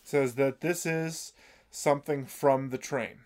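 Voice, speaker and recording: This is a man with an ordinary mid-range voice who is co-discussing an episode. He mostly adds quick details and corrections to his partner's retelling. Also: mid-range voice, steady tone, darkish tone. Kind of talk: casual chat about an anime episode.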